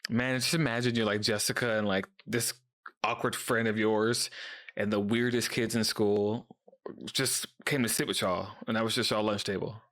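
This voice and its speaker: A man hosting a casual reaction video, chatting and laughing as he mimics characters in quick asides. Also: on the low side, steady tone, a bit bright.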